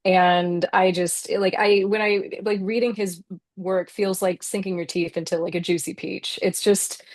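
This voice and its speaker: In this casual interview, the woman novelist's mid-range voice stays level, a bit slow and slightly mellow, with no echo. She reflects earnestly, sprinkling in plenty of "like."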